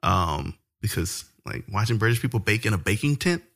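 Animated man chatting on a podcast. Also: lowish voice, fairly quick. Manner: animated, laughs often, swears freely. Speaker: podcast co-host. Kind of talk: casual podcast chat.

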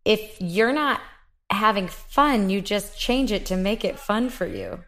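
Relaxed young woman hosting a podcast. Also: medium pitch, measured pace. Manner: relaxed, chatty, thanks listeners. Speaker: podcast host. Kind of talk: casual chat.

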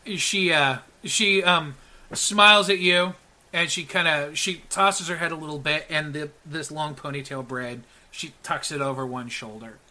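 A man narrating as game master in a relaxed, hesitant way with many fillers. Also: fairly high pitch, unhurried, slight background noise.

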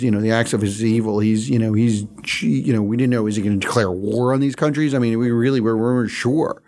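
A man, a veteran political reporter, recounting memories in a halting, anecdotal way with many fillers. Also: mid-range voice, a little mellow. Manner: anecdotal, halting, lots of "you know". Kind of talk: interview storytelling.

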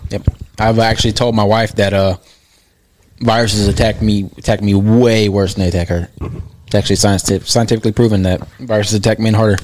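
A man in his thirties, co-hosting a podcast, with a wry, deadpan way of talking. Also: fairly low pitch, brisk, a little hiss or hum. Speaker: podcast co-host. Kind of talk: casual chat.

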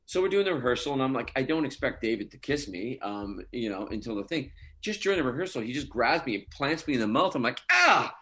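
A man's voice: medium pitch, animated, fast, hardly any pauses. A man being interviewed as an actor guest, telling stories in a chatty way with many fillers and frequent laughter. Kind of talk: casual interview chat.

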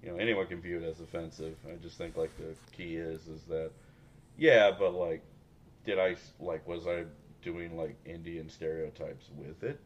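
A man's voice: low-pitched, steady tone, moderate pace, slight background noise. A man co-hosting a podcast in casual chat, rambling and profane and laughing often. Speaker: podcast co-host.

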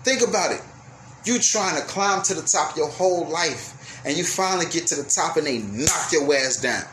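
A young man with a high-pitched voice rants as host of his own radio show, cursing freely and veering between yelling and apology. Faint ambient noise sits under his voice. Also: expressive, moderate pace. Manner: profane, heated, swings from yelling to apologetic. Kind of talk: ranting monologue.

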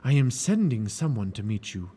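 A man voicing a calm, wise enchantress in a storybook reading, speaking softly and soothingly. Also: medium pitch, moderate pace, husky. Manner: soft, soothing and stately.

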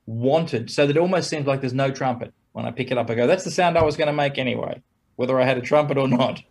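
A man in mid pitch talks casually as an interview guest. He is animated, with a ready chuckle, and his voice jumps higher whenever he acts out what other people say. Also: husky. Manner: animated, acts out quoted exchanges in a raised voice; chuckles between points. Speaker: trumpet player guest.

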